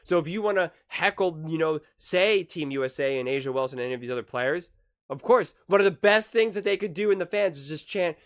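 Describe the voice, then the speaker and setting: A man's voice: on the high side, fairly quick. A man hosting a casual basketball opinion vlog, talking with analogies and acting out quotes. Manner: lively, with acted-out quotes and analogies. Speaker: basketball commentary host.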